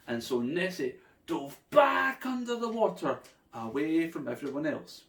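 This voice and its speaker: Animated storyteller man. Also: a little high, measured pace, vocal fry, far from the mic. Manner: animated, playful. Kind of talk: children's storytime narration. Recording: echoey room.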